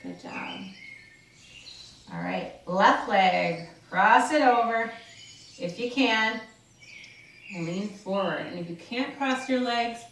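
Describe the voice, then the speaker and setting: Slow, encouraging woman exercise instructor. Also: a little high, a bit bright. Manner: encouraging, slow step-by-step cues. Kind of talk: guided seated workout instruction. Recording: roomy sound from a distance, faint noise.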